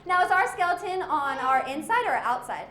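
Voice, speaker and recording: High-voiced woman teaching kids about animals. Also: a little fast, reverberant, background noise. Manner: lively, playful, asks the audience questions. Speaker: zoo educator. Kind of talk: animal presentation for children.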